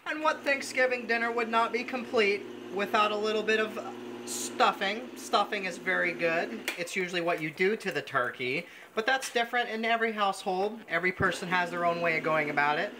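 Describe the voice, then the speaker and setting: A man's voice: sits high, a little fast. A man hosting a mock cooking show, gushing pompously over every dish as he works in a home kitchen. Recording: noisy kitchen sound.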